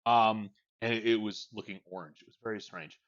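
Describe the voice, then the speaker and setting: A man's voice: fairly low pitch, fairly even intonation, a little fast, fairly bright tone, muffled recording. Rambling, profane man livestreaming. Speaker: streamer. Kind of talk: casual chat while livestreaming.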